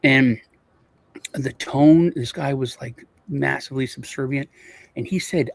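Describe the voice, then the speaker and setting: A man with a gravelly, fry-heavy voice rambles through casual chat, stumbling over restarts and repeating himself. He was recorded close and dry, with no room sound. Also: medium pitch, a little slow, no echo. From Europe. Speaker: co-host.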